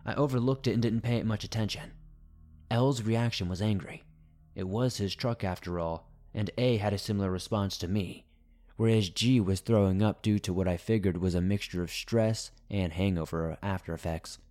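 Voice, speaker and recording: Low mellow guy reading a creepy first-person horror story, tense and dramatic, faint music behind. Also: normal speed.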